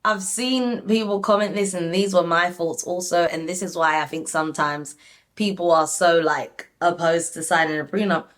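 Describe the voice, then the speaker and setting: A young woman casually reviewing a reality show, animated and talking straight to her viewers with lots of "like". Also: lowish voice, normal speed. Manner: animated, frequent "like", addresses viewers. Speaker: reality TV recap YouTuber.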